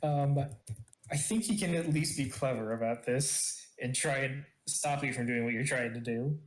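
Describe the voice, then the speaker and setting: A man running a tabletop game as game master, relaxed and joking as he narrates. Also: medium pitch, normal speed, echoey room. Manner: relaxed, joking, laughs often.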